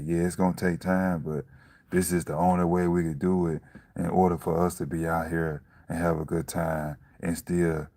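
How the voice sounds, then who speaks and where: A man giving a casual, profane motivational talk about staying calm, repeating himself to press his point. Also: low-pitched, gravelly, slightly rough. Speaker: vlogger.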